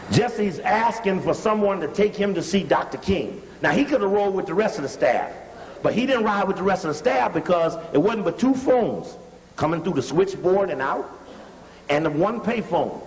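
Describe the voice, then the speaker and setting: A man giving emphatic, animated commentary over archival video, repeating points and telling someone to stop and rewind the playback. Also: sits high, moderate pace, in a large hall, slight background noise, low-quality recording. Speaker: lecturer analyzing archival footage.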